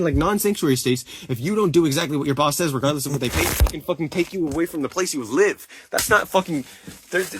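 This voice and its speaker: A young man live streaming, ranting furiously with heavy swearing and halting restarts. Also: fairly high pitch, slight background noise. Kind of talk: angry live-stream rant.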